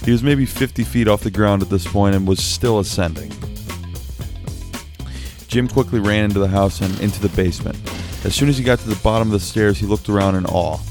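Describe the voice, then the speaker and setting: A young man with a low voice casually spins a story, kept quiet at home at night, with faint music behind him. He laughs at himself and breaks off with sheepish apologies. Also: a little fast.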